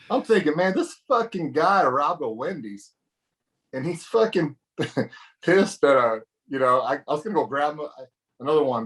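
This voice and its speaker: A man's voice: medium pitch, fairly bright tone. A man, a former pro wrestler, casually telling a locker-room story in a profane, laid-back way.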